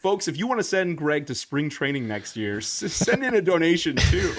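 A man co-hosts a radio chat in a slightly high voice. He stumbles through restarts and fillers but keeps a playful tone. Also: sing-song, moderate pace. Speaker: radio co-host.

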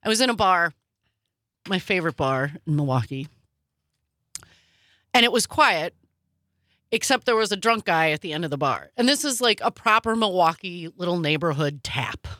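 A woman co-hosting a casual news chat, sarcastic and quick with asides. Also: lowish voice, animated, pushed and bright, no echo, studio quality. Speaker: podcast co-host.

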